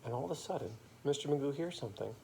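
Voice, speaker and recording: Mellow man improvising a playful bedtime story. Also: mid-range voice, animated, gravelly, a little hiss or hum. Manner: playful, rhyming, pausing to make things up.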